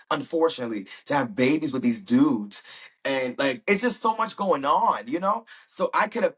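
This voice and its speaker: A podcast host recaps a TV episode in a chatty, slangy style, acting out little quotes along the way. His voice is mid-range and fairly bright, with a husky, slightly breathy quality.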